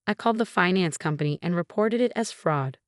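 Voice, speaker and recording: A woman narrating a story in a measured, even way. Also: on the low side, dry recording, studio quality.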